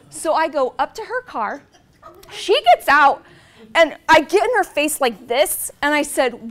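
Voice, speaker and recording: A woman in her forties giving an inspirational presentation to a live audience, telling heartfelt stories in an animated way. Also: high voice, normal speed. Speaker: motivational speaker.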